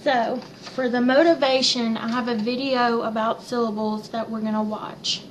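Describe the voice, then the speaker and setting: A young woman teacher walking through her lesson plan in a plain, unhurried way with a few fillers. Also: fairly high pitch, little pitch movement, noisy background.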